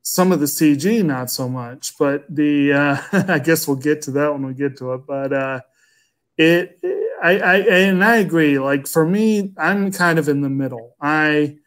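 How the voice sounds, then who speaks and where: Relaxed man in his thirties, slightly high. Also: measured pace. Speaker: podcast co-host. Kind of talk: casual movie discussion.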